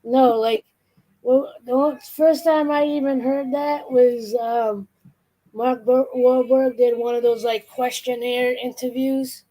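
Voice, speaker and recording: A woman with a Boston accent in casual chat, rambling and animated as she imitates accents. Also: high-pitched, takes it slowly, rough recording. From Boston area, Massachusetts. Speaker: streamer, co-host.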